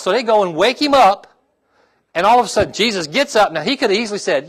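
A middle-aged male pastor preaching a sermon, checking in with the congregation with "okay?" and "amen?" and dropping to a quiet, heartfelt tone when he talks about his own trials. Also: sits high, lively intonation, fast.

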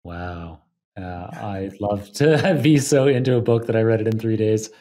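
A man hosting a podcast interview, appreciative and measured as he thanks his guest and asks questions. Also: lowish voice, warm tone. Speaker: podcast host.

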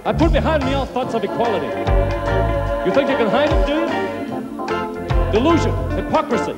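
A sneering TV preacher. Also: male voice, very high-pitched, lively intonation, normal speed, roomy sound, loud music behind the voice. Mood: scornful. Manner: scornful, mocking, preaching. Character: sneering male TV preacher, greedy and cruel. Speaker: televangelist. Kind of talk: 1980s TV sketch comedy.

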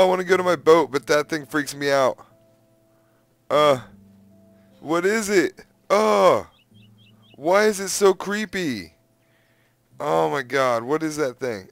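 A young man giving casual, excitable gameplay commentary, exclaiming and humming to himself. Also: on the high side, measured pace, pauses often, no room sound, faint music behind. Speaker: gaming youtuber.

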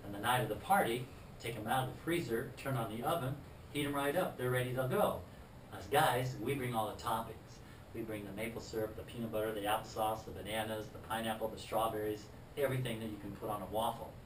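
A man telling a personal testimony story and acting out the scenes in a lively way. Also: fairly low pitch, fast, slight background noise. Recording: roomy, distant mic.

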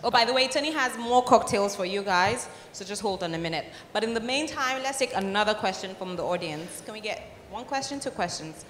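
A woman's voice: mid-range voice, lively intonation, brisk, few pauses, a bit bright, slight background noise. A woman from Nigeria hosting a live event onstage, teasing and playful as she addresses the guest and the audience. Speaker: event host. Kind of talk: lively stage hosting. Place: large event hall. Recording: echoey hall, faint crowd.

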